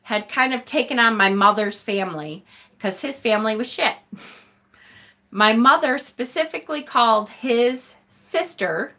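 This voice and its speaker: A woman's voice: on the high side, unhurried, pushed and bright. A woman hosting a casual tarot live stream, answering viewer comments in a blunt, profane way, often laughing and sighing. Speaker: tarot channel host.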